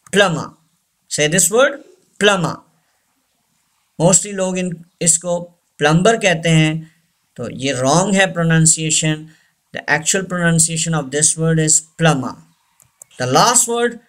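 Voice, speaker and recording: High-pitched guy drilling words one by one for a pronunciation class. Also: sharp tone. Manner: slow, drilled word repetition. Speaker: English pronunciation teacher. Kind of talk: pronunciation lesson.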